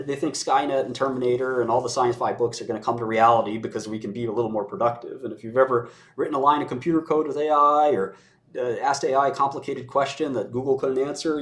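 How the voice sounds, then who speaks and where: A man giving his views in casual conversation, blunt and sardonic, often laughing as he mocks. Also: mid-range voice. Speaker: commentator. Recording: roomy echo.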